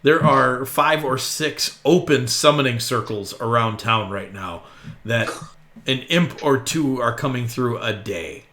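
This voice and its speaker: A relaxed man running a tabletop game. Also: mid-range voice, measured pace, slight background noise. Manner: loose, chatty narration with frequent ums and self-corrections. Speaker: game master.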